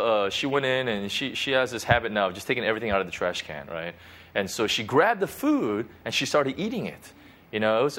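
A man's voice: lowish voice, fairly bright tone. A man giving an informal devotional teaching as a pastor, talking conversationally and checking in often with "you know" and "right?".

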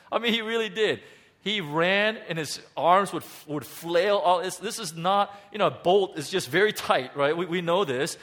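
Pastor guy giving a sermon, kinda high voice, keeps restarting his sentences, lots of uhs. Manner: animated, halting, with many restarts and fillers.

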